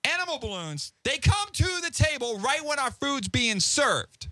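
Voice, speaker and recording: Guy in his 40s hosting a chatty show, high bright voice, goes all over the place, dry close sound. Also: normal speed, no room sound. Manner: rambling, animated storyteller. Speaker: host. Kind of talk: casual podcast chat.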